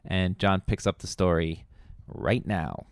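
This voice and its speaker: A man from the United States co-hosts a podcast, talking casually and summarizing a story in a recapped aside. His voice is fairly low and smooth, recorded close and dry. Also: measured pace, dry recording. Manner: conversational, narrates a recap aside. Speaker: podcast co-host. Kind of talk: casual chat and recorded voice-over.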